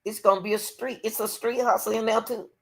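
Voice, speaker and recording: A woman's voice: on the high side, fairly even intonation, a little fast. A woman hosting her own commentary channel, giving blunt, opinionated takes and talking straight to her viewers in a casual way.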